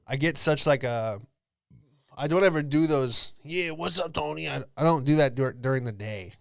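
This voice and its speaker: A young man spins a loose, jokey comedy monologue on a podcast, jumping between stories and quick impressions of the people in them. His voice is smooth and resonant, recorded close and dry with no room sound. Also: mid-range voice, no echo.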